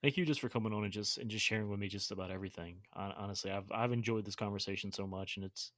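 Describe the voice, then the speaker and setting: A man's voice: lowish voice, fairly even intonation, quick pace, a bit bright, dry recording, clean studio sound. A man hosting a podcast, earnest and sincere, often stumbling over repeated words. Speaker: podcast host. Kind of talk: podcast interview.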